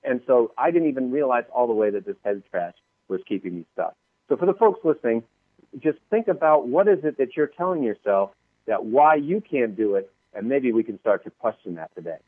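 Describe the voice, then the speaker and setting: Animated male guest, quick and expressive, acts out quotes; thin phone-like line. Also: mid-range voice, no echo. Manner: lively, acts out quoted voices, laughs often. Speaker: author and guest. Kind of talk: animated interview storytelling. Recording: dry phone-line sound.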